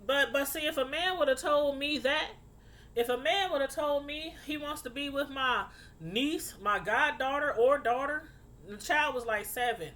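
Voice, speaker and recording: A woman casually recounting a true crime story to her viewers, getting animated and outraged as she tells it. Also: moderate pace. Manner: animated, outraged, rising high when indignant.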